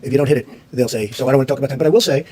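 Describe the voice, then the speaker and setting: A man's voice: medium pitch, very fast, a little mellow, breathy edge. A man, the president, answering reporters at a press briefing in a combative, repetitive way.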